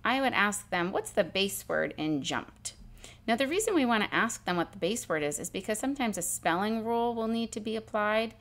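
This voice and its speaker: A woman teacher calmly explaining a spelling exercise step by step, sounding out letters and sounds as she goes. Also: fairly high pitch, fast talker, hardly any pauses. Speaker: literacy teacher. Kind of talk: instructional demonstration.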